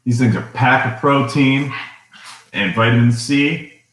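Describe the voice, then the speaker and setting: A man's voice: mid-range voice, unhurried, a bit bright. A man co-hosting a casual couple's vlog at home, easygoing and joking. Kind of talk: casual live chat. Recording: roomy echo.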